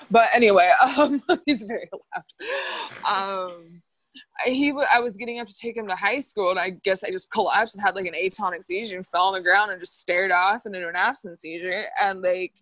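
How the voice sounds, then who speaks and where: A woman's voice: medium pitch, a little fast, a bit bright. A young woman chatting casually in a sarcastic, self-mocking way. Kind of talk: casual chat.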